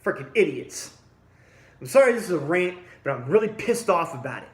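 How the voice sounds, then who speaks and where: Pissed off guy ranting at the camera, kinda high voice, blunt and combative, echoey room. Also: big pitch swings, a little fast. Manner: blunt, combative, addresses listeners directly. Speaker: vlogger. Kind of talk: angry ranting monologue.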